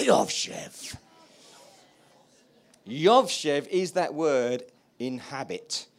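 A man preaching a sermon, animated and conversational, moving from quiet asides to loud emphatic praise and often asking the congregation questions. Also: mid-range voice. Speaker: pastor.

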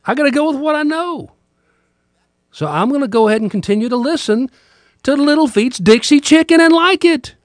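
Speaking at medium pitch in a dry recording, this middle-aged radio host and podcaster muses openly on his show, keeping the reflective monologue conversational and frank.

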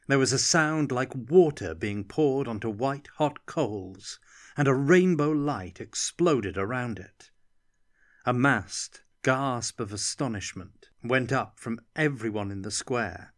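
A man reading a fantasy novel aloud as narrator, in a measured, even storytelling manner. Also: fairly low pitch, no room sound, studio quality. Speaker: audiobook narrator.

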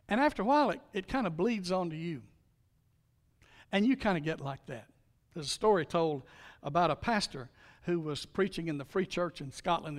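A male pastor delivers a sermon in a conversational style, tossing out rhetorical questions and sinking to quiet emphasis on key lines. His voice sits on the high side for a man. The sound carries a long reverb, as in a church sanctuary.

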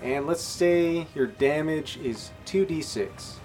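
A man narrating as game master, relaxed, explaining rules and describing vivid gore. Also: fairly high pitch, takes it slowly, faint music behind. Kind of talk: casual tabletop game narration.

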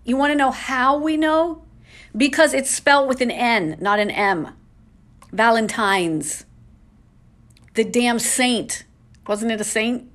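A woman's voice: a little high, a little slow, fairly bright tone. A woman hosting a casual solo podcast from home, ranting in an exasperated way with lots of rhetorical questions. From New England. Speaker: podcast host.

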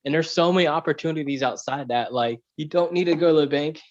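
A man's voice: fairly high pitch, fast talker, lo-fi sound. A man on a podcast, chatting loosely and telling a fable, with plenty of "like" and "you know". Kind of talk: casual chat, storytelling.

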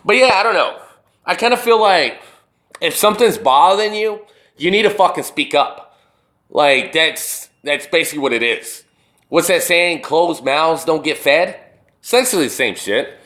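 A young man telling a rambling, profane story to the camera, swinging between loud retellings and low muttering. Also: expressive, normal speed. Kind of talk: casual storytelling monologue to camera. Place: indoors, wall behind him.

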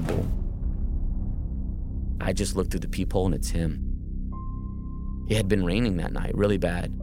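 Low-voiced guy telling his own story, kinda halting, music playing under him. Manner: earnest, halting retelling with restarts. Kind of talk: personal story narration.

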